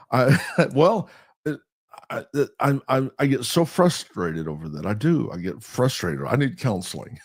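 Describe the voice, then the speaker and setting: A man's voice: mid-range voice, lively intonation, a little slow, breathy edge, no room sound, studio quality. A middle-aged man and pastor hosting a podcast, talking emphatically in a sermon-like way and laughing at himself now and then.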